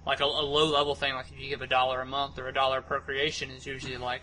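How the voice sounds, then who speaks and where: A man co-hosting a podcast and working as a writer, explaining things earnestly in casual chat with some halting restarts. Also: medium pitch, monotone, sharp tone, slight background noise, poor audio.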